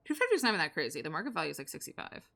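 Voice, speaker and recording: Sarcastic woman streamer, low bright voice. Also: wildly swooping pitch, rapid-fire, gravelly. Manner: sarcastic, joking banter with chat. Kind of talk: casual live gameplay commentary.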